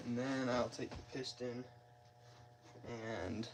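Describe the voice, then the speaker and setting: A man narrates his engine repair at an unhurried pace, drifting into self-deprecating asides as he works. His voice sits at an ordinary middle pitch. It is picked up by a nearby phone in a garage, with a faint workshop hum behind him. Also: steady tone, rough recording. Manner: rambling, self-deprecating, talks to himself while working. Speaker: car mechanic vlogger. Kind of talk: casual how-to narration while working. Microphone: phone propped nearby.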